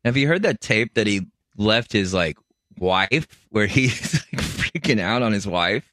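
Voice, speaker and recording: A man co-hosting a comedy podcast, goofy and quick to laugh, tossing out wild jokes. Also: on the low side, expressive, a bit bright, no room sound, studio quality. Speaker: podcast co-host.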